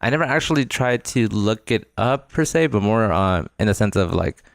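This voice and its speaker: A man's voice: lowish voice, lively intonation, moderate pace, gravelly, no room sound, clean studio sound. A man in his twenties, a photographer guest, chatting casually in a rambling way with lots of fillers and laughs. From Las Vegas, Nevada. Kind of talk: casual podcast chat.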